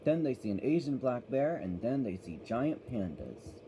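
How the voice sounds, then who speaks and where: A man's voice: medium pitch, sing-song, normal speed, background noise. A man giving a casual, rambling review of a children's cartoon, often correcting himself as he goes.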